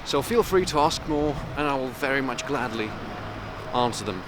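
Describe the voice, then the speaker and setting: A man's voice: mid-range voice, expressive, normal speed. Young male vlogger, English not his first language, wry rambling chat, handheld camera out on the street, heavy traffic noise behind. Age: young adult. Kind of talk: walking vlog. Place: outdoors on city streets. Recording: loud street noise outdoors. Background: loud traffic and street noise.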